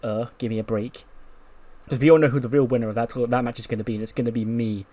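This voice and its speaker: A man's voice: mid-range voice, steady tone, quick pace, warm tone, natural voice. A man voicing a brash female wrestler who boasts and brushes off her rivals, in a cocky, taunting manner. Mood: boastful.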